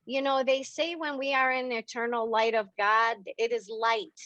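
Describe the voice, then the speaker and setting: A spiritual medium hosts a member Q&A on a video call, explaining things in a casual, animated, chatty way and acting out the dialogue she quotes. Her voice is a little high and a bit bright, with fairly even intonation and a moderate pace. The video-call audio is dull and lo-fi, with no echo.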